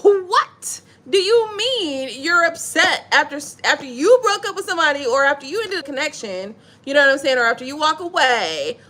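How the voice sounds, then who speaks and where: A woman giving a casual, playful tarot reading, talking in an animated way full of slang and laughter. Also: sits high, normal speed, few pauses. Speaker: tarot reader.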